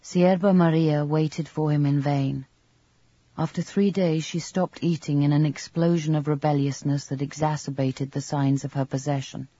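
Mellow, husky man narrating a story. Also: a little high, level tone, normal speed, no echo, highs cut off. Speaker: audiobook narrator. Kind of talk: scripted narration.

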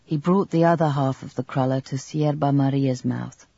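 A man reading a novel aloud in measured, even scripted narration. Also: medium pitch, creaky, breathy edge, no room sound. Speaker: audiobook narrator. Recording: dull lo-fi recording.

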